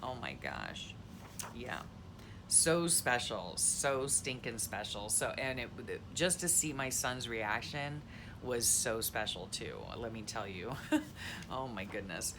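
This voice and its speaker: A woman's voice: very deep voice, expressive, takes it slowly, background noise. A middle-aged woman chatting casually as she flips through her journal, giggly and full of ums and exclamations. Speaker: journaling channel host. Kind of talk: casual chat while flipping through a journal.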